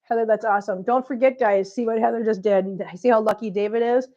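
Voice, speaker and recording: A woman's voice: on the high side, fairly even intonation, quick pace, dark tone, dull audio. A woman hosting a casual livestream, short of breath from chest congestion, chatting and reading out viewer comments. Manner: chatty, teasing, laughs often, reads out viewer comments. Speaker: cat channel livestream host. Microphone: close mic, breathing audible.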